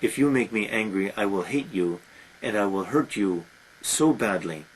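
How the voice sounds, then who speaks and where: A man's voice: on the low side, animated, normal speed, slight background noise, lightly acted, rough recording. A man voicing a threatening goddess during a retelling of an epic. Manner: menacing.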